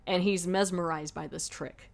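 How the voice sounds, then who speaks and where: Brief: woman podcast host, lower voice, chatty rambling film recap. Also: steady tone, normal speed, vocal fry, music in the background. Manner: rambling retelling with lots of 'like'. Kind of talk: casual film review chat.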